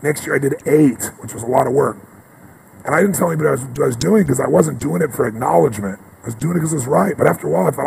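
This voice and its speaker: Gravelly impassioned male motivational speaker. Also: fairly high pitch, very fast, a little hiss or hum, low-quality recording. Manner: impassioned, storytelling, swings from loud to hushed. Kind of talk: motivational speech.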